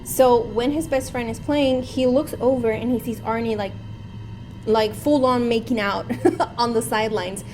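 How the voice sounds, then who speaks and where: A woman's voice: a little high, steady tone, moderate pace, darkish tone, faint music behind. A woman hosting her own channel, casually retelling a movie plot in a rambling way, full of "like" and "um". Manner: rambling, heavy use of "like" and "um". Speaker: savings channel host.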